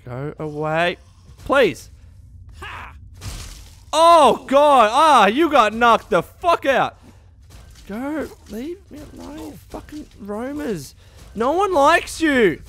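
A young man narrates his gameplay with a high, bright voice. His pitch lurches from low grumbling mutters to sudden yelps and shouts. He curses constantly and sounds exasperated at his enemies. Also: sing-song, slow pace. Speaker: let's play gamer. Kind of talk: gameplay commentary.

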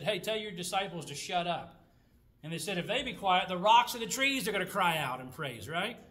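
A man with a fairly high voice teaches a Bible study. He talks conversationally, tosses rhetorical questions to his listeners and reads scripture passages aloud. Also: bright, forceful tone.

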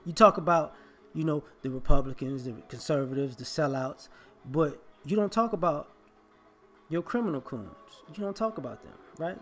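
A man's voice: on the high side, moderate pace, faint music behind. A man, delivering an emphatic, confrontational opinion monologue as a vlogger.

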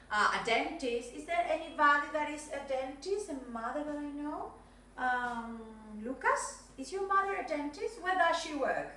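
A woman English teacher, giving a recorded video lesson to young learners, dictating slowly and clearly with frequent "okay?" checks. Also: high-pitched, sharp tone, far from the mic. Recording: echoey room, voice a bit off mic, faint noise.

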